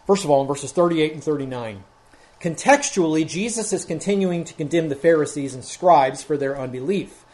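A man's voice: a little high, animated, normal speed, a little mellow. A man preaching an expository sermon as pastor, working methodically through a Bible passage verse by verse and growing more emphatic as he goes.

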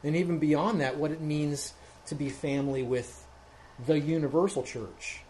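A man's voice: fairly high pitch, steady tone, moderate pace, a little mellow, a little hiss or hum. A man preaching an expository sermon as pastor, working methodically through a Bible passage verse by verse and growing more emphatic as he goes.

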